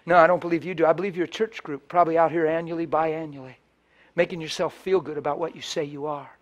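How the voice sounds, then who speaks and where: A man preacher voicing a blunt, skeptical man on a city street who answers calmly. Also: on the high side, fast, lo-fi sound, lightly acted.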